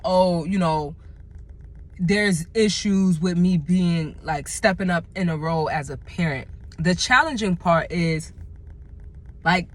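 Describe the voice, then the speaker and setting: A woman talking candidly in a personal vlog, halting and reflective, emotional as she searches for words. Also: on the low side, a bit bright. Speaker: vlogger.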